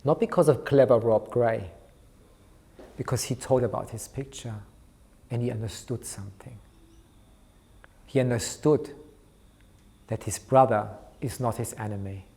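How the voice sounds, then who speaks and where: Man telling a therapy case story. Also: mid-range voice. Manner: storytelling, softens his voice for tender moments; acts out therapist and child dialogue. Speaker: art therapy lecturer. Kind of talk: recounting a clinical case.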